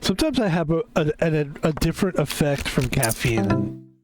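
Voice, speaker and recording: A man chats casually while he streams a game, his voice pitched a little high. He rambles and yawns, leaning on "like" again and again. Game music plays clearly underneath him. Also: animated, normal speed. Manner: rambling, filler-heavy, tired and yawning. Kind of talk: casual gaming stream chat.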